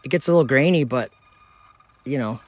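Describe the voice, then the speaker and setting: A man from Minnesota hosts a casual live stream from outdoors at night, talking into his phone. He reads viewer comments aloud in a relaxed, friendly way and laughs easily as he goes. His voice sits at an ordinary middle pitch for a man. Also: brisk, no echo. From United States (Minnesota). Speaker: livestream host.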